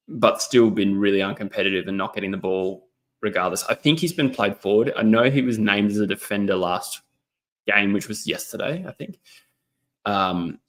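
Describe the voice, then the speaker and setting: Speaking in a lowish, slightly bright voice, a young Australian man hosts a casual footy livestream from his laptop indoors. He comments on the match, chats with viewers, reads their messages aloud, and rambles with lots of ums.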